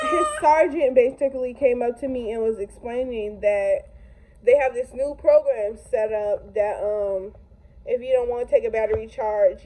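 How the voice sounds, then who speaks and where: A young woman vlogger telling a storytime in an animated, slangy, casual way. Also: on the high side, slight background noise, low-quality recording. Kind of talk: storytime vlog.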